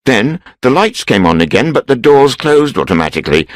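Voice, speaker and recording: A man reading a story aloud in a steady, measured way for English learners. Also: medium pitch, a little hiss or hum, rough recording. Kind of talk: scripted storybook narration.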